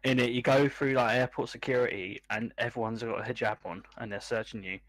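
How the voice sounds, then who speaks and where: A man's voice: mid-range voice, fairly even intonation, a little fast, fairly bright tone, poor audio. A man in a casual chat, making blunt, swearing asides.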